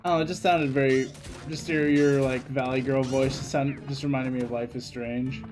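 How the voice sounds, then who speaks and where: A woman's voice: very deep voice, steady tone, moderate pace, over music. A young woman co-hosting a gaming stream, chatting in a laid-back, wry and teasing way. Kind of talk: casual chat while watching a game.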